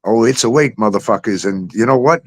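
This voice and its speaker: A man's voice: on the low side, expressive, a little fast. A middle-aged man hosting a talk show, ranting with heavy profanity, sarcasm and disbelief.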